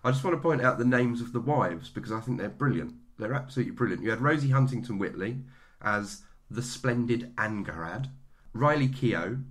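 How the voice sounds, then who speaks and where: A man's voice: medium pitch, lively intonation, brisk. A man co-hosting a podcast, chatting enthusiastically about a film with many restarts. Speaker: podcast co-host. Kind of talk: casual film-review chat.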